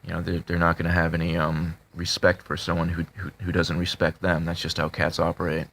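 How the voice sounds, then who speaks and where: A man talking casually to his subscribers, halting with many fillers and restarts, in a flat tone that can sound annoyed. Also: low-pitched. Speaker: video creator talking to subscribers. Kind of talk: casual confessional talk to camera.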